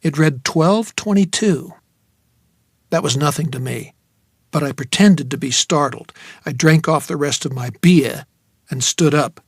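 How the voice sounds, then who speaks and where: A man narrates a first-person novel in a wry, reflective way. His voice sits a little on the high side. The read is dry and close to the mic. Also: measured pace, breathy edge, no room sound. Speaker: audiobook narrator.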